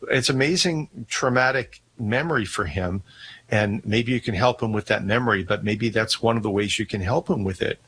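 A man's voice: medium pitch, a bit bright, slight background noise. Reassuring male radio co-host. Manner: reassuring, explanatory. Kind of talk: radio call-in show.

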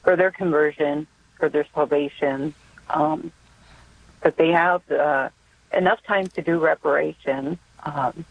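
A woman's voice: low-pitched, unhurried, creaky. Hesitant older woman on a phone line. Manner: hesitant, many ums and restarts. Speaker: caller. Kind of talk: phone-in prayer request.

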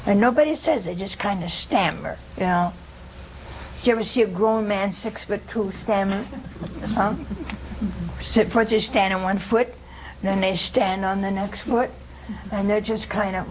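A woman giving an informal scripture teaching to a small group, conversational and humorous, often pausing to ask her listeners "See?". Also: mid-range voice, a little hiss or hum, low-quality recording. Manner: conversational, keeps asking "See?" and questioning listeners; homespun humor, laughs at her own jokes. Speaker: religious teacher.

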